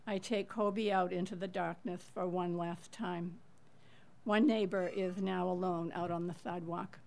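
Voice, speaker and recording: A middle-aged woman reading a personal true story aloud to listeners, measured and earnest, leaning into the tense moments. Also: fairly low pitch, steady tone, creaky, darkish tone.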